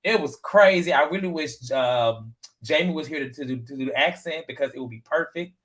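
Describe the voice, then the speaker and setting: Chatty, animated man recapping reality TV. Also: a little high, brisk. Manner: chatty, animated, lots of fillers and retold quotes. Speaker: podcast co-host. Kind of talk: casual reality TV recap chat.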